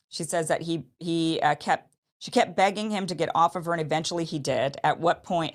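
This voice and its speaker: A woman's voice: low-pitched, steady tone, fairly quick. A woman talking through a case in casual commentary, often restarting and repeating phrases as she reasons aloud.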